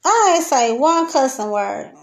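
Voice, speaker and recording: A woman's voice: high voice, big pitch swings, unhurried. A young woman hosting a solo podcast, venting in a loose, profane, laughing rant from her kitchen. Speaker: podcast host. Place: home kitchen.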